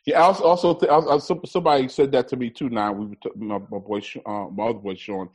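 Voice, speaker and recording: A man co-hosting a casual chat, animated and stammering a little as he gives his take on a show. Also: mid-range voice, fast talker, slightly rough, poor audio. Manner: animated, acts out quotes, stammers. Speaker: podcast co-host.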